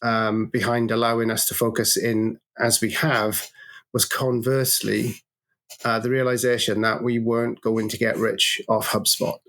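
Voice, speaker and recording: A man, an agency co-founder, talking as a guest in a business interview with an animated, storytelling manner and frequent restarts. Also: lowish voice, moderate pace.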